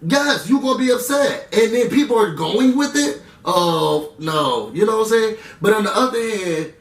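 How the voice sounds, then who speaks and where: A man chatting through a casual TV recap, animated and slangy, full of asides to his viewers. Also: sits high, normal speed, hardly any pauses, far from the mic. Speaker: reality TV recap vlogger. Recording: roomy room sound, away from the mic.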